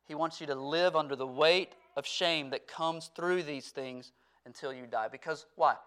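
A pastor in full sermon mode, a man with a smooth, resonant voice pitched a little high. He presses hard and loud on key points, then drops to a quiet, close appeal to his congregation. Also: normal speed. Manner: earnest preaching that swings from forceful to hushed. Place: church.

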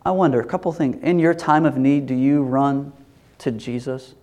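A pastor preaching a sermon in a lively, animated way, acting out voices as he tells the story. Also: medium pitch, moderate pace, highs cut off. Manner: animated, acts out quoted voices, laughs.

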